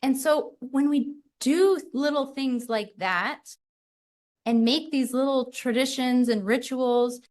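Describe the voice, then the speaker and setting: High-voiced, animated woman podcast co-host. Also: takes it slowly. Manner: animated, acts out quoted voices. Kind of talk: casual podcast chat.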